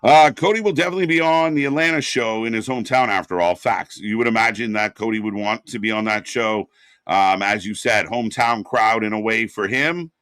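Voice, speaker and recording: A man co-hosting a live wrestling watch party, reacting and chatting casually, rambling with fillers and breaking into loud excited bursts. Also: fairly low pitch, fairly quick, clear, resonant tone, dry recording, studio quality.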